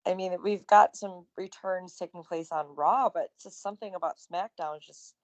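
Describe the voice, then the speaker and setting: A woman's voice: fairly low pitch, moderate pace. A woman co-hosting a wrestling podcast in casual chat, often laughing and trailing off mid-thought. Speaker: podcast co-host.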